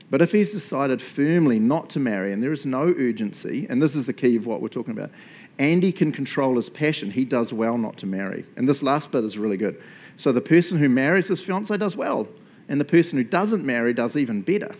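A middle-aged man with a New Zealand accent, preaching a sermon in a chatty, animated way and laughing often between points. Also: medium pitch. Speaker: pastor.

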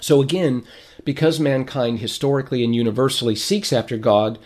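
A man teaching a sermon in a measured way, reading quotations aloud, who is losing his voice and keeps clearing his throat. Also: mid-range voice, fairly even intonation, darkish tone. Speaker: preacher.

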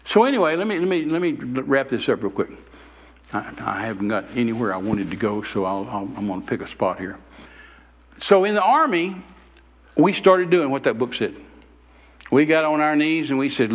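A male preacher telling stories in a sermon-style talk, animated, acting out quoted dialogue and often repeating his words. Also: on the high side, a little fast.

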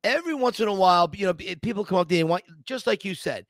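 A man's voice: sits high, rapid-fire, dry recording, studio quality. A man hosting a podcast, chatting and telling family stories in an enthusiastic, rambling way. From Italian-American family. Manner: enthusiastic, rambling, animated storyteller. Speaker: podcast host. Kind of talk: casual interview chat.

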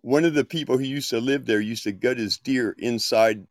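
A man's voice: mid-range voice, moderate pace, crowd noise. A man co-hosting a podcast in crude casual banter, telling stories and cracking dry jokes. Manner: storytelling, dry jokes, frequent laughs. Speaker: podcast co-host.

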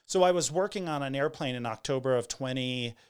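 A man in his forties, talking candidly to camera in a conversational way, trailing off with pauses and restarts. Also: mid-range voice, clear, resonant tone. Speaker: vlogger telling a personal story. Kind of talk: candid personal storytelling.

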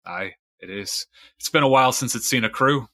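A man voicing a grizzled old one-legged male fisherman who talks gruff and blunt. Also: medium pitch, a little fast, sharp tone, dry recording, pitched above the performer's own voice. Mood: proud.

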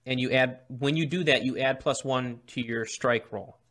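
A man's voice: mid-range voice, steady tone, normal speed, fairly bright tone. A man narrating as game master of a tabletop game, explaining rules with frequent restarts.

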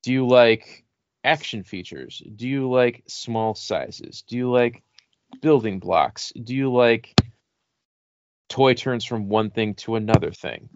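A man's voice: mid-range voice, slow, muffled recording. A man hosting a podcast in casual chat, leading the discussion in a dry way over a remote call mic. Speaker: podcast host.

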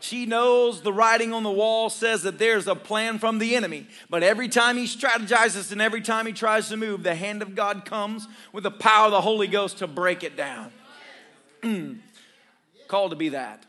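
A male pastor preaching a sermon to his church, calling for responses and rising to shouts, with joking asides. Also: high voice, moderate pace. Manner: call-and-response with congregation.

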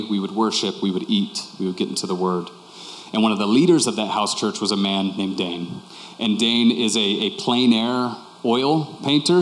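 Male preacher, low voice, candid conversational sermon delivery, long reverb of a large hall. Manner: conversational and candid, repeating key phrases. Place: church hall with congregation.

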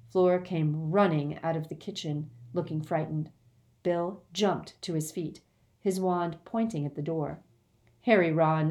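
A woman narrating a storybook aloud in a measured, expressive way. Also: deep voice. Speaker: audiobook reader.

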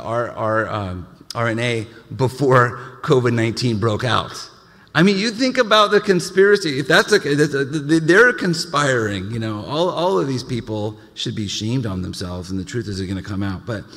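A male pastor preaching a sermon, animated, with frequent stammered restarts and joking asides. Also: on the low side. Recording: reverberant hall.

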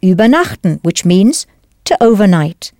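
A woman's voice: mid-range voice, lively intonation, unhurried, warm tone, dry recording. Patient woman teaching in a dry studio. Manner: clear, patient, encouraging. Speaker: language teacher. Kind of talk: scripted language lesson narration.

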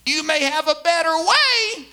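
A man impersonating a frail elderly preacher who speaks very slowly in a high-pitched voice. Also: lively intonation, pushed and bright, exaggerated voice. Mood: solemn. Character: frail elderly male preacher, slow and stuttering.

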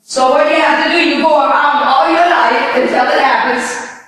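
An older woman preaching her testimony in an animated way, often firing questions at the audience. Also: high voice, normal speed, a little hiss or hum. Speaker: speaker giving her testimony. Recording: echoey hall, voice from far off.

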